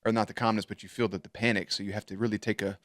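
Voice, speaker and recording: A man's voice: lowish voice, little pitch movement, racing, a bit bright, no echo, studio quality. A man hosting a reaction video, swearing and laughing as he comments on a show. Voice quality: profane, laughs often.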